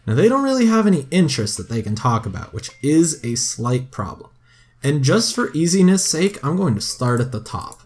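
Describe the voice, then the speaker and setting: A man's voice: fairly high pitch, moderate pace. Chatty young man commentating a game. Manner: chatty and excitable, often cries out in dismay. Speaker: gaming video host.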